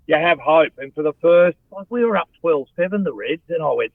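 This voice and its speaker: A man's voice: fairly high pitch, fairly quick, no echo. A middle-aged Australian man, a former rugby player and radio host, chatting as a guest with blokey energy and plenty of "mate". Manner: blokey, animated, says "mate" a lot. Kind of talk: casual chat over a phone line. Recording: tinny phone line.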